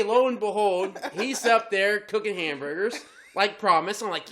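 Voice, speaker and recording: A man's voice: high voice, moderate pace, fairly bright tone. A young man co-hosting a podcast, telling a profane story in casual chat and laughing often as he talks. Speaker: podcast co-host.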